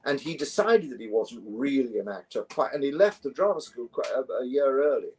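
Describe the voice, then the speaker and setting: An older English man with a London accent, a guest recalling stories in a relaxed, rambling way with many self-corrections. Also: mid-range voice, brisk, a little hiss or hum, low-quality recording. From London, England. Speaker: guest, actor and musician. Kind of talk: relaxed conversational interview.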